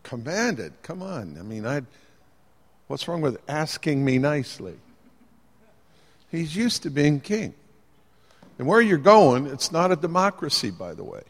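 With a voice on the high side, a man delivers a sermon a little slowly, leaving long pauses. Before a live congregation in a church hall with long reverb, he stays lively and conversational, jokes with the crowd and puts questions to them.

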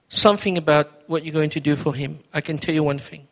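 Male pastor, middle-aged, earnest testimony sermon, conversational, slightly high voice. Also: steady tone, fairly quick, hardly any pauses, a bit bright. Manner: earnest, conversational, repeats words.

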